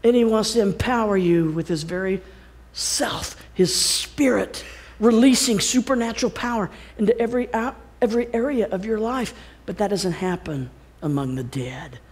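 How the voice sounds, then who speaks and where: A woman speaker delivering a storytelling sermon in church, swinging between exclamations and hushed tones. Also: mid-range voice, brisk. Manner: dramatic, exclamatory preaching with sudden drops to hushed tones. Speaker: guest speaker.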